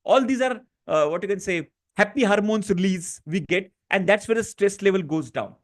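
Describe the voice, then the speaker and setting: Soft-spoken man guiding a tapping session. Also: sits high, expressive, normal speed. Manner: gentle instructive, many fillers and restarts. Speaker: stress-relief workshop facilitator. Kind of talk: guided tapping session on a live online class.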